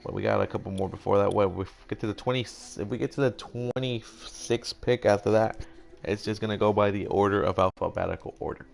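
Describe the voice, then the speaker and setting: Young male gaming commentator, lowish voice, lively and casual, faint music bed. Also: brisk, gravelly. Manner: animated, playful, acts out brands in voiced quotes, swears casually. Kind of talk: casual video game commentary.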